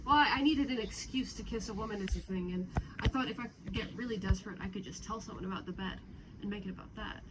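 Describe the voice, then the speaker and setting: A woman's voice: mid-range voice, fast talker. A woman casually recounting a night out, rambling and chatty with frequent laughs. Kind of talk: casual storytelling chat. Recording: noisy crowd around.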